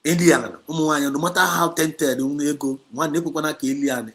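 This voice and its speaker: A man with a Nigerian Igbo accent hosts an activist livestream, preaching emphatically and scolding his listeners, mixing Igbo and English and repeating himself a great deal. His voice sits on the high side with a steady, fairly bright tone, and he talks fast with hardly any pauses.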